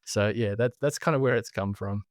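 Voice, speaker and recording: A man's voice: fairly low pitch, fairly quick, no echo, clean studio sound. A man in his thirties with an Australian accent, a podcast guest chatting casually and laughing easily. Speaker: podcast guest, branding specialist. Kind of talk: casual conversational interview.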